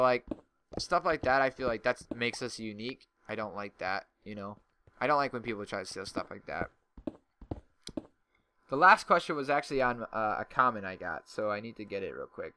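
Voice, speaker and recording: A man's voice: mid-range voice, bright, forceful tone, a little hiss or hum. A young man and server owner talking casually over a gaming video, rambling and getting heated as he rants. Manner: rambling, gets heated and ranty.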